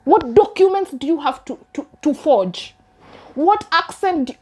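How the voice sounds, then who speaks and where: A young woman with a Kenyan accent and a high voice tells a true crime story for her channel. She is sarcastic and keeps firing off disbelieving rhetorical questions at the people who were fooled. Her talk stays loose and chatty. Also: expressive, normal speed, a little mellow. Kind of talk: casual commentary on a crime case.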